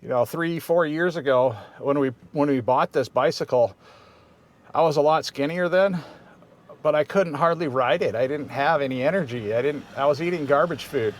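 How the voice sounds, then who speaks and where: A man's voice: on the high side, normal speed, slight background noise. A man in his fifties hosting a casual vlog, talking in an easygoing, rambling way with many restarts. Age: 50s. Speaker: vlog host.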